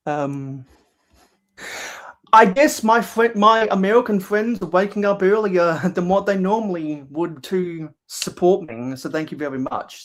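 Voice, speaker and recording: A man's voice: fairly high pitch, a little slow. A man hosting a casual livestream while building LEGO. He talks hesitantly with many fillers and reads viewers' chat aloud. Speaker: livestream host.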